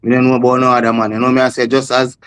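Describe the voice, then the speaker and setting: A man's voice: medium pitch, monotone, very fast, fairly bright tone, clean tone, no room sound. A man with a Jamaican accent arguing on a discussion panel, repeating himself and calling others "brother". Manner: repetitive, insistent, keeps saying "brother". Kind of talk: heated panel debate.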